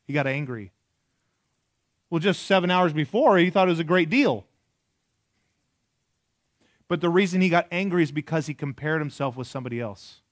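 A man's voice: fairly high pitch, dry recording, studio quality. A man in his forties preaching a sermon in a conversational way, asking the audience questions and joking. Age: 40s. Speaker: pastor.

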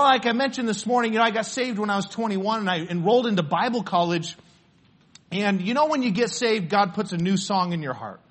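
High-voiced earnest preacher man. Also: a bit bright. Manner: earnest storytelling preacher with stammered restarts. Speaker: pastor. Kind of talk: sermon. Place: church.

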